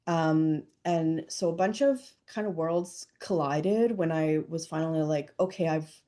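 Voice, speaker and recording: Mellow-voiced chatty woman guest. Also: low voice, measured pace. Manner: chatty, lots of fillers and "like". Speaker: podcast guest. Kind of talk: casual chat.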